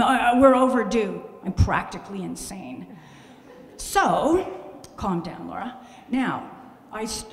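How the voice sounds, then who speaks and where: A woman glass artist from Canada giving a lively gallery talk about her work, telling stories with exclamations and jokes at her own expense. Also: medium pitch. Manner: animated storytelling, exclaims and jokes at herself. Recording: echoey hall with long reverb.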